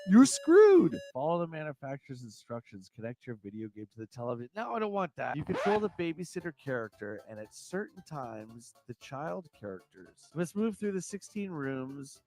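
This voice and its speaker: An excitable man hosts a retro gaming stream and narrates his own playthrough, his gravelly voice swinging high and low. He shrieks and exclaims as the game surprises him, and faint music plays behind him. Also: brisk, hardly any pauses. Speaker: livestream host.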